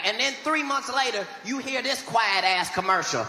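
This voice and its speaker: A man doing stand-up comedy in a loud, rapid, profane ranting delivery. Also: extremely high pitch. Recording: echoey hall with background noise.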